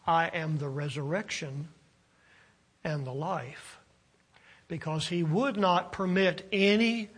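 A man delivers a sermon at an unhurried, measured pace. His voice sits fairly high, climbing on the points he stresses and sinking quiet at the end of phrases. He often stalls with uh's and restarts as he works through the thought. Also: husky. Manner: slow, deliberate preaching with rising emphasis and trailing drops; halting restarts with frequent uh's. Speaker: preacher.

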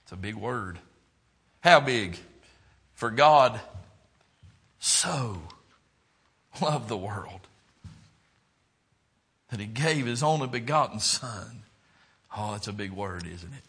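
A man preaching a sermon, swinging between loud, fervent exclaiming and quiet, low reflection. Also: lively intonation, slow, pauses often, husky.

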